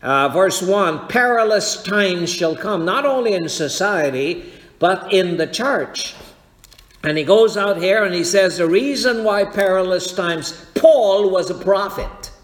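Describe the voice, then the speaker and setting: A man preaching a sermon in a church, slow and deliberate, checking that his congregation follows. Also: high-pitched, lively intonation. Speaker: pastor. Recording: echoey hall with long reverb.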